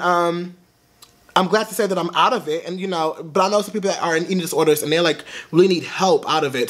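A young man hosting a casual reaction vlog, sassy and expressive, swearing freely. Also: high-pitched. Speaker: YouTube reaction host.

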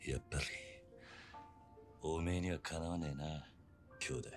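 An actor playing a stoic young yakuza who speaks tersely and gruffly in a video game. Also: male voice, very deep voice, fairly even intonation, fairly quick, music in the background. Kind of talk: game voice acting.

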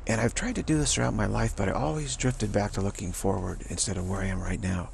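Gravelly man rambling, spiritual talk. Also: lowish voice, slight background noise. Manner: rambling and repetitive, with halting restarts. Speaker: spiritual vlogger.

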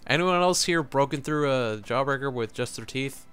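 Young male let's-play commentator, bright and chatty, jokes and laughs a lot, faint music behind. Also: mid-range voice, expressive, moderate pace, clean tone. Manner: rambling, jokey, laughs often. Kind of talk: casual gameplay commentary.

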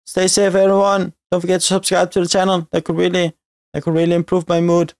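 A man's voice: high voice, monotone, quick pace, a little mellow, dry recording, studio quality. A man giving live, chatty commentary over a football video game as a gaming video creator, grumbling at the referee and his players.

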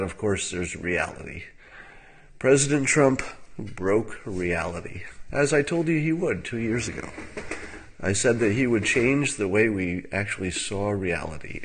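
A man giving casual livestream commentary in a wry, musing way, with fillers and soft laughs. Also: medium pitch.

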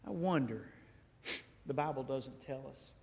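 A man preaching a sermon as a guest speaker, telling stories in a lively way and acting out dialogue in a church. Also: mid-range voice, unhurried, vocal fry, a little hiss or hum. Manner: animated storytelling, acts out dialogue. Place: church sanctuary. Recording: echoey church hall.

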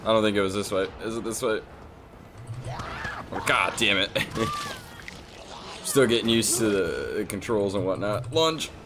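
Young male gamer host, casual play commentary, swears a lot; low voice. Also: a little slow, pauses often, background noise. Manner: swears often, reacts loudly then mutters. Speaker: gaming channel host.

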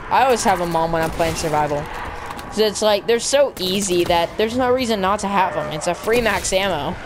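A woman streaming a zombie shooter game, chatting casually with excitable, gushing outbursts and lots of slang. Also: on the low side, noisy background. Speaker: gamer streaming zombie mode. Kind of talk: casual live gameplay commentary.

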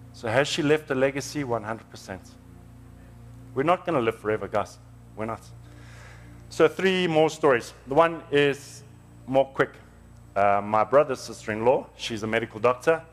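A man preaches in a church, telling testimony stories in an earnest, conversational tone. His voice sits at an ordinary pitch and turns emotional as he speaks, with soft music faintly underneath. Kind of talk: storytelling sermon.

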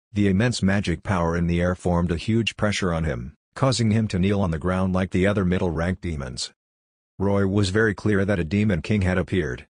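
A man narrating a fantasy audiobook with steady, even scripted reading. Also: low-pitched, no room sound, studio quality.

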